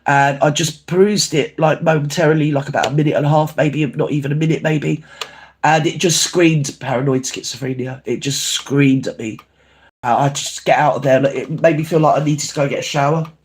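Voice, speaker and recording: A man puts on a gossipy older grandmother who hosts a livestream. The voice sits a little high and runs on in long, rambling stories. She showers her viewers with babe and darling, then turns sharp and ranting. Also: fairly even intonation, brisk, slight background noise, lightly acted. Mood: gossiping. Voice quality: chatty, calls everyone babe and darling, ranting. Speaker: livestream host. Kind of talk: livestream chat reading comments.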